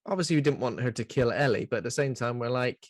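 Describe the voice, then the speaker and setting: A man co-hosting a podcast, chatting playfully about a horror film and cracking quick jokes. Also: medium pitch, no room sound, clean studio sound. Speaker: podcast co-host. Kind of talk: casual film recap chat.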